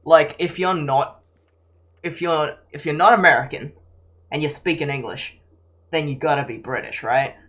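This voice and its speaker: A man from Australia streams a game and chats in a loose, joking way, laughing often. His voice sits slightly high. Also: moderate pace, fairly bright tone. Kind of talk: casual gameplay stream chat.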